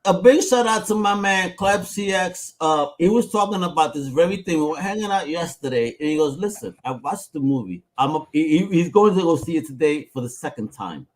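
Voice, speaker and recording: A man co-hosting a casual podcast chat, brash and excitable, swearing freely and swinging between loud bursts and low mutters. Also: brisk, hardly any pauses. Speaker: podcast co-host.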